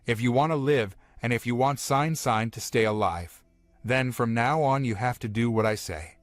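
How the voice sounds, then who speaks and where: Guy reading as a calm serious young hero, bossy firm instructions, dry voice, faint music behind. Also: mid-range voice, normal speed, dry recording, lightly acted. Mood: commanding. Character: calm, serious young male hero who knows the future.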